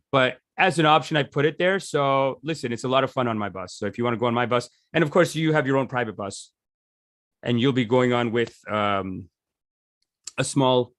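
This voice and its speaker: A man's voice: medium pitch, dry recording, clean studio sound. Rambling, jokey male meditation teacher. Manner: rambling and jokey, restarting sentences. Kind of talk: casual teaching talk.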